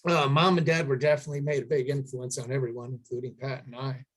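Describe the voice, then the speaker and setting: A middle-aged man, emotional, telling a heartfelt family story at a tribute, halting with many fillers. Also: mid-range voice, flat delivery, poor audio. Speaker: son giving a memorial tribute. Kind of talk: personal storytelling at a gathering.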